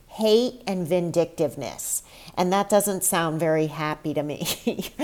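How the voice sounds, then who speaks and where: Slow-talking woman podcast host. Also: on the low side, darkish tone. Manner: candid, chatty, emotional. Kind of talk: solo podcast monologue.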